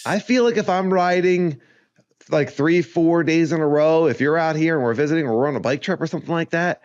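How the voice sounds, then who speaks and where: A man's voice: fairly high pitch, a little fast, clear, resonant tone, no echo, dull audio. A man co-hosting a podcast in casual chat, rambling and joking with frequent laughs. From Arizona. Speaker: podcast co-host.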